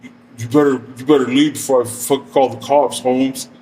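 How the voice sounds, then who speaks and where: A man's voice: mid-range voice, fairly even intonation, a little fast, warm tone, close to an everyday voice. A man voicing a lean, tattooed ex-convict who makes threats in street slang, in a slightly distant recording with faint noise behind. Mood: threatening.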